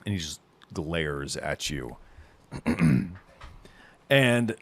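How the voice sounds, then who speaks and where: A man's voice: very deep voice, lively intonation, a bit bright. A man running a tabletop game as game master, narrating the scene and playfully voicing the characters. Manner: playful, voices NPCs in quick asides.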